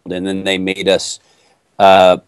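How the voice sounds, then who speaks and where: A middle-aged man from Texas, an actor answering interview questions in a playful, animated storytelling way. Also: low-pitched, slow pace, clear, resonant tone, no echo.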